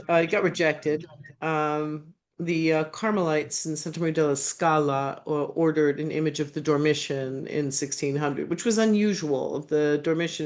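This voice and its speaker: A man, an art historian, answering questions in an online panel, halting and searching for words with many restarts. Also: fairly high pitch.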